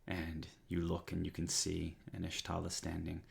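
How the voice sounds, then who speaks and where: A man narrating as game master of a tabletop game, describing scenes with frequent pauses and fillers. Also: sits low, monotone, creaky. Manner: descriptive, hesitant with many fillers.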